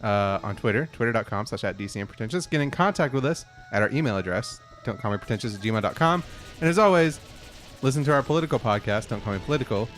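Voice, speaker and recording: A man hosting a casual podcast, chatting loosely and rambling through stories with a laugh. His voice sits at an ordinary middle pitch. Faint music plays underneath. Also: lively intonation, fast. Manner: rambling anecdotes, laughing, swearing. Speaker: podcast host. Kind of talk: casual chat.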